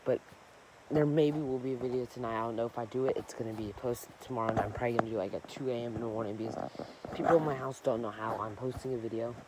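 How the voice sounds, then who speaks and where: A young male vlogger talks in loose, rambling sentences, stopping to correct himself and filling gaps with small verbal habits. His pitch sits in an ordinary middle range for a man. A clear hiss of background noise runs under the recording. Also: fairly even intonation, fast. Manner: rambling, self-correcting, many fillers. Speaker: gaming channel host. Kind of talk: casual rambling vlog chat.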